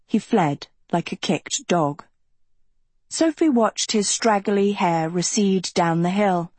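A woman narrating an audiobook in a measured, unhurried storytelling manner with a breathy voice. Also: medium pitch, animated, a little mellow, no echo.

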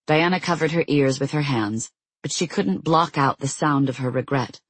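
An audiobook narrator tells a fantasy story steadily and measuredly in a slightly husky, mid-pitched voice. The recording is close and dry with no room sound or echo, though the audio quality is poor.

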